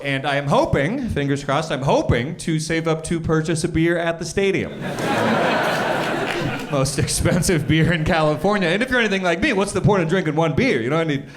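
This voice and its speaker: A man's voice: a little high, animated, moderate pace. A young man doing a stand-up set on a club stage, with a dry, self-deprecating delivery and frequent "uh" fillers. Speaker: stand-up comedian. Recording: live club recording with audience noise. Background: audience laughter.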